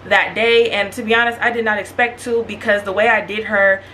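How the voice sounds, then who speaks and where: A young woman vlogger tells her viewers a casual storytime, talking straight to them in a chatty, animated, slangy way. Her voice sits at medium pitch and moves a little fast, with a faint hiss or hum on the recording.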